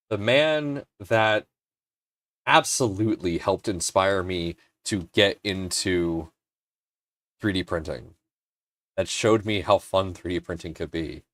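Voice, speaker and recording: A man hosting a casual livestream, his voice swinging widely up and down as he tells a heartfelt story. He takes his time, lets emotion show, and throws in the odd curse word. The sound is dry and close, with no room echo. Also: on the low side. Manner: emotional, animated storyteller who swears and gets choked up. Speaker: livestream host.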